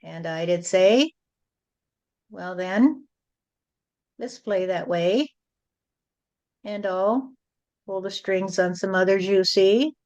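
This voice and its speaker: A woman speaking as a spiritual channel, delivering a message in a slow, repetitive, rhyming preaching cadence. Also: mid-range voice, darkish tone. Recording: dull lo-fi recording.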